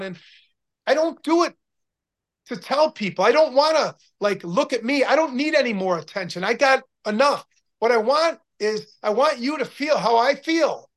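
A man's voice: high-pitched, a bit bright. Upbeat motivational man telling stories. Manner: upbeat, motivational, rambling with restarts. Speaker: interview guest, former pro football player. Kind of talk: casual interview storytelling.

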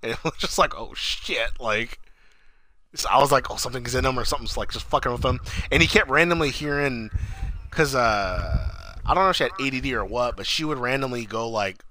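Bright-voiced man rambling through a movie recap. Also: medium pitch, slight background noise. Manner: rambling, filler-heavy, acts out scenes in quick voices. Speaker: podcast co-host. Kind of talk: casual movie recap chat.

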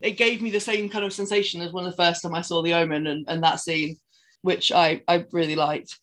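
A woman's voice: fairly low pitch, steady tone, fairly quick. A woman co-hosting a podcast, casually retelling film scenes in a rambling way and acting out the characters' lines. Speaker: podcast co-host. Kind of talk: casual film recap chat.

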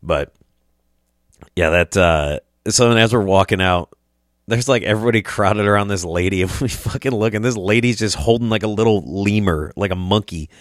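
A man's voice: fairly low pitch, normal speed, no room sound, clean studio sound. A young man from Iowa telling a rambling, profane story as a podcast host, acting out the voices of people he quotes. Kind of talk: casual storytelling.

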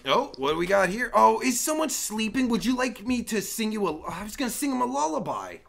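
A man's voice: sits high, very animated, fairly quick, creaky, fairly bright tone. A male livestream host giving crude, profane, rambling commentary while chatting with strangers online.

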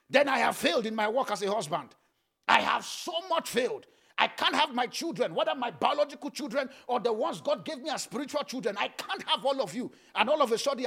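A middle-aged man preaching a sermon in a very high, bright voice that crackles with gravel and a husky edge. He preaches fervently, lifts into sung chanting and prays in tongues. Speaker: pastor. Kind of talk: sermon with prayer.

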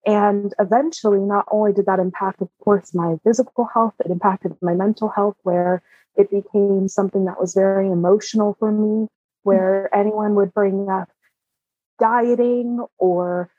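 A woman's voice: medium pitch, steady tone, moderate pace, warm tone, husky, no echo, lo-fi sound. A woman guest candidly telling a personal story, open and emotional, often laughing. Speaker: interview guest.

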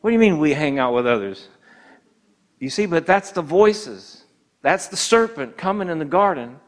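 A man delivers a sermon with an emphatic, building delivery. His voice sits a bit higher than most men's. He stretches out key phrases and slips into quick mimicry of other voices. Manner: emphatic, slows for key points, acts out voices of tempters. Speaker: preacher.

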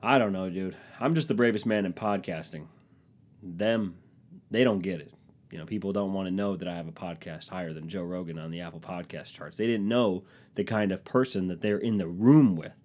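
A man in his thirties holds forth alone on his comedy podcast, his voice sitting somewhat low. He rambles and runs himself down, swearing freely, all through a stuffed, runny nose. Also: a little fast, darkish tone. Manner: rambling, self-deprecating, profane. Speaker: podcast host. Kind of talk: comedic solo podcast monologue.

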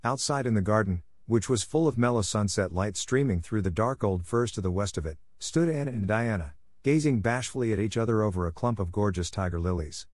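Man reading a storybook aloud, lowish voice, measured, dry close sound. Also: darkish tone, no echo. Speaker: audiobook reader. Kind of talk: scripted narration.

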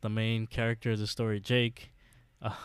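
A man co-hosting a podcast, recapping a TV episode in a casual, halting way with lots of fillers and restarts. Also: lowish voice, flat delivery, smooth, no echo. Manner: hesitant, many fillers, laughs often. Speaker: podcast co-host.

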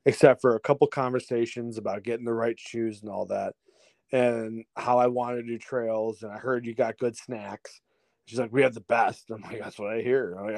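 A man telling a story in a casual chat as a podcast guest, lively, acting out other people's lines and laughing often. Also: mid-range voice, dry recording. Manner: animated storyteller, acts out voices, laughs often, swears.

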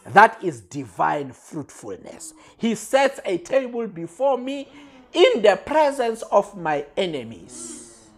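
A preacher delivering a sermon, repeating refrains and swinging from quiet lines to shouted peaks. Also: mid-range voice, sing-song, slow pace.

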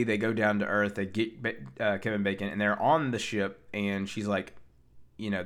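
A man's voice: fairly low pitch, a bit bright, clean tone. A man recapping a film in a casual, rambling way, with many fillers and restarts. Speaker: pop culture reviewer.

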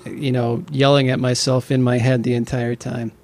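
A man co-hosting a casual chat, talking haltingly with many restarts. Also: medium pitch, little pitch movement, darkish tone, no room sound. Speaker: podcast co-host.

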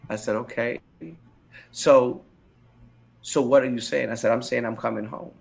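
A gravelly, mid-range voice belongs to a middle-aged pastor speaking at normal speed. He gives his personal testimony in a candid interview, animated and emphatic, often repeating phrases to stress them.

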